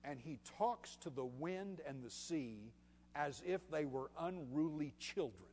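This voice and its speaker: High-voiced preacher in a reverberant hall. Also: male voice, moderate pace. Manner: conversational, animated, acts out voices with swings in loudness. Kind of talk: sermon with scripture reading.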